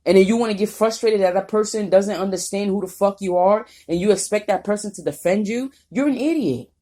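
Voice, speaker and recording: A woman's voice: mid-range voice, fairly even intonation, fairly quick, mellow. A woman vlogger talking off the cuff in a rambling, profane, confrontational rant. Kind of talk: unscripted vlog monologue.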